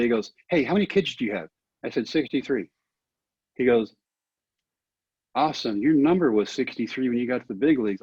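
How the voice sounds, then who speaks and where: Earnest folksy middle-aged man, husky voice. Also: mid-range voice, darkish tone, no room sound, lo-fi sound. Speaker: guest. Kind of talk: storytelling interview answer.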